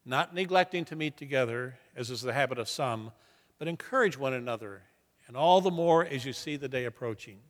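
A man's voice: medium pitch, animated, a little fast, long reverb tail. A man preaching a sermon, telling stories earnestly and building emphatic repeated lines. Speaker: pastor.

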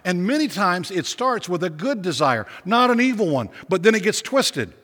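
Bright-voiced male pastor preaching. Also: sits high, sing-song, moderate pace. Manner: emphatic, repetitive, rhetorical questions. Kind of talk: sermon. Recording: long reverb of a big hall.

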